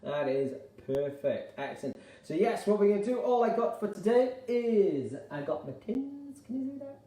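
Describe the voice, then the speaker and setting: Man from Wales, exercise instructor, upbeat and encouraging, mellow voice, echoey room, heard from afar. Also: sits high, very animated, normal speed, distant mic. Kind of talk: live online exercise class. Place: room at home.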